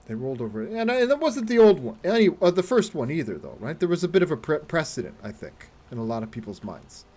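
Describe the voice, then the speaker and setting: A man's voice: on the high side, sing-song, quick pace, a little mellow. A man chatting casually while live-streaming a game, rambling, swearing freely and laughing often as he talks to his viewers.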